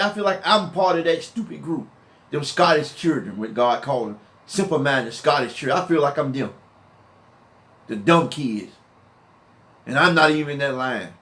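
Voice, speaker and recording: A man's voice: fairly high pitch, fairly bright tone. Heated man giving informal Bible teaching. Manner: heated and emphatic, repeats and restarts words.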